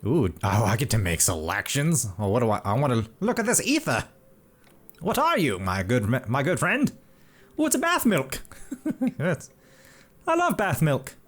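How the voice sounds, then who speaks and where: A man doing a chirpy old-timey gentleman with a high, fluttering voice. The tone swoops up and down with prim delight. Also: wildly swooping pitch, normal speed, long pauses.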